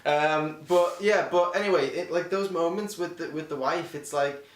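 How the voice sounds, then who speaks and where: A male podcast co-host talks through a film in loose, rambling chat, swearing often and restarting his sentences. His voice sits a little high. The sound is roomy and echoey, and he is set back from the microphone. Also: moderate pace, recorded from a distance, a little hiss or hum. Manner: rambling, profane, acts out quotes in silly voices. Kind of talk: casual film review chat. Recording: echoey room, slightly off-mic.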